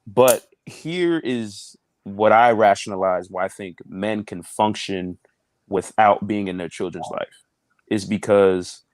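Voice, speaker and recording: A man's voice: darkish tone, no room sound. A young man, a comedian and new father, talking bluntly and crudely in a casual panel discussion. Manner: blunt, crude, acts out others in a high mocking voice.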